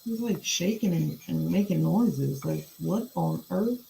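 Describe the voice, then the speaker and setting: A woman's voice: fairly low pitch, measured pace, gravelly, dark tone, slight background noise, poor audio. A woman hosting a podcast from a room at her home computer, reading emails aloud and commenting on them in a blunt, profane, casual way.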